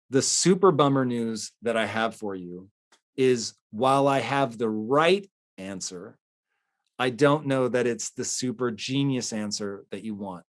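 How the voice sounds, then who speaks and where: A man hosting a podcast, talking earnestly about emotions and telling a personal story in an animated way. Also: mid-range voice. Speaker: podcast host. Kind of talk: casual motivational talk.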